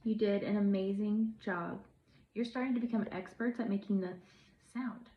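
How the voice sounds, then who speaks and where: A young woman, a pre-service teacher, leading a phonics lesson for young children, speaking slowly and encouragingly. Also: medium pitch, fairly even intonation. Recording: echoey room, dull lo-fi sound.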